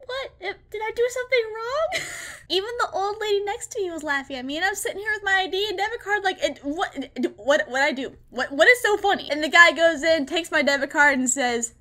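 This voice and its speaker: A high-voiced young woman in her twenties chats through a storytime vlog with lots of energy. Her tone is bright and crisp, and she slips in giggles and mock-dramatic voices as she tells it. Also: fairly quick. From United States. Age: 20s. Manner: animated, laughing, acting out her own lines. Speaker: gaming YouTuber.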